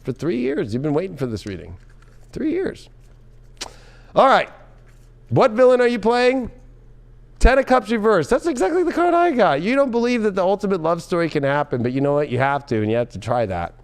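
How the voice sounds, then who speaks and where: A man giving a tarot reading in an excitable, loud and profane way, often breaking into laughter. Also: high-pitched, fairly quick, vocal fry. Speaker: tarot reader.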